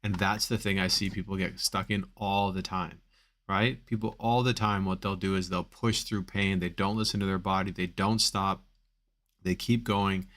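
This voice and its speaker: A man's voice: sits low, fairly even intonation, moderate pace, a bit bright. A man coaching on back pain in a live Q&A stream, talking casually with many fillers and repeated phrases for emphasis.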